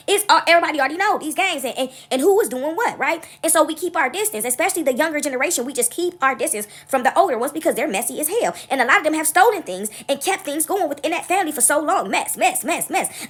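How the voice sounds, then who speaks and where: This woman's voice is high-pitched and fast, with hardly a pause as she talks casually to her viewers. She vents frankly and animatedly, rambling through stories and repeatedly asking "right?"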